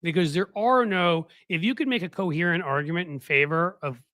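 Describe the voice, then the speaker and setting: A man's voice: fairly high pitch, fairly quick, a bit bright, no echo. A man hosting a political commentary stream in casual talk, mocking his target and quoting others in put-on voices.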